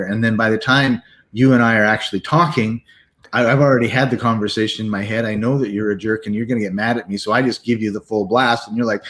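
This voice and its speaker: A man's voice: mid-range voice, brisk. A man co-hosting a casual business chat, telling stories and acting out what people say. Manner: animated storyteller, acts out quotes.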